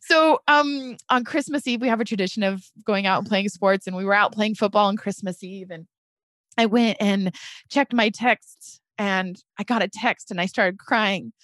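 A woman's voice: mid-range voice, normal speed, a bit bright, no echo, clean studio sound. A middle-aged woman telling her story as a podcast guest, earnest and emotional, often addressing listeners as "you guys". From United States.

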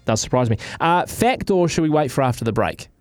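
Chatty Australian radio presenter. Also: male voice, medium pitch, big pitch swings, fairly quick, faint music behind. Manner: chatty, jokey, lots of fillers. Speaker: radio producer reading quirky news. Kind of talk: casual radio banter. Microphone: studio microphone.

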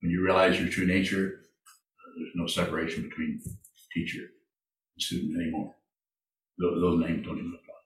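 A man leading a meditation Q&A, speaking slowly and haltingly, often repeating his phrases. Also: sits low, flat delivery, slight background noise. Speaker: meditation teacher. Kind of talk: Q&A in a dharma talk. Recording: echoey room from far off.

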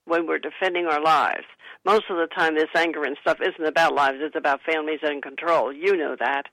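Bright, gravelly woman giving gentle advice. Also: low voice, fairly even intonation, fairly quick, no echo, poor audio. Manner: gentle, earnest, instructive. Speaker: spiritual guest author. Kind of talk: radio interview, advice-giving.

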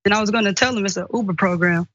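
A woman's voice: mid-range voice, very fast, fairly bright tone, highs cut off. A woman urgently telling a first-person story, often repeating what others said. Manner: retells dialogue in quotes, urgent. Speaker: guest recounting an incident.

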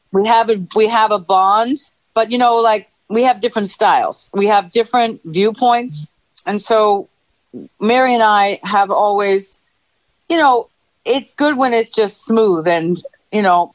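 A woman guest chats in a rambling, animated way and tells stories loosely. Her voice is dry and close. The recording sounds dull and lo-fi. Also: medium pitch, dry recording. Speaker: comedian guest. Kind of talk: casual interview chat.

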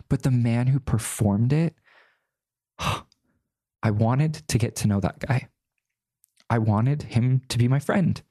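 A man's voice: medium pitch, normal speed, dark tone, slightly rough, no echo, studio quality. A young man earnestly sharing a personal testimony in an interview, full of "like" and restarts. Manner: earnest, filler-heavy, lots of "like". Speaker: guest.

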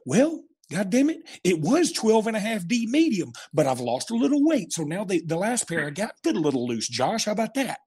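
A man playing his irritable older father, yelling indignantly into the phone in a husky, raised voice. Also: sits high, big pitch swings, brisk, hardly any pauses, pitched above the performer's own voice, heavily acted. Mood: flustered.

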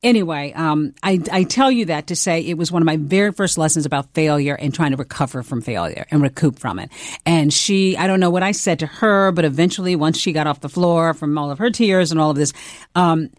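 A middle-aged woman from the American South, a television journalist, telling lively career stories with a slight Southern accent. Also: low voice, fairly quick, dry recording, studio quality. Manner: animated storyteller with laughs and restarts. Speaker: guest, TV journalist. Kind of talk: conversational storytelling.

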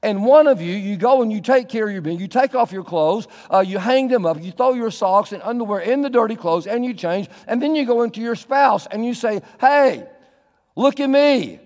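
A man's voice: sits high, fairly quick, few pauses, a little mellow. A male pastor preaching a conversational, earnest sermon in a church, asking his congregation questions. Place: church sanctuary. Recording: long church reverb.

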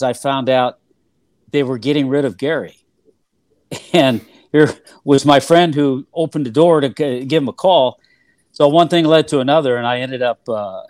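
Appearing as a guest, a onetime player and television analyst reminisces about his years on the field and in the booth in a laid-back interview. The older man's mid-range voice sounds close and dry, with no room sound. His storytelling wanders, full of fillers and frequent restarts.

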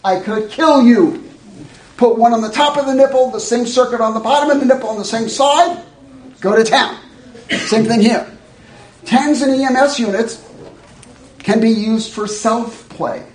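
A man's voice: extremely high pitch, moderate pace, pauses often. A man teaching a live workshop, blunt and joking in a conversational way to an audience. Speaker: educator. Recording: echoey room.

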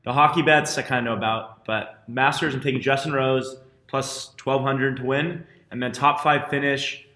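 A man's voice: mid-range voice, steady tone, normal speed, pushed and bright, roomy sound. A man co-hosting a podcast, dry and self-deprecating in casual banter. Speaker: podcast co-host.

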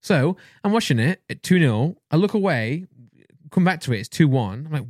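A young man with a Northern English accent chatting casually about football as a podcast co-host, rapid and excitable. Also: fairly high pitch, no room sound, studio quality. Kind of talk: casual chat.

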